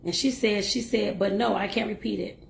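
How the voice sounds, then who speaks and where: A whiny, self-pitying old cousin complains, read by a woman. The voice is gravelly and slightly high, and it echoes in a bare room. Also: steady tone, normal speed, slight background noise. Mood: pitiful. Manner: pitiful. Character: whiny, pitiful older female cousin.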